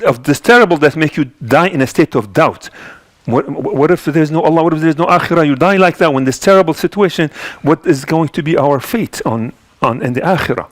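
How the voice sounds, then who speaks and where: A man delivering a mosque sermon, his voice sitting a bit higher than most men's. He speaks earnestly, circling back and restarting his phrases as he goes. The sound is dry and close, with no room echo. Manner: earnest, repetitive with frequent restarts and fillers. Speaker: imam giving Friday sermon.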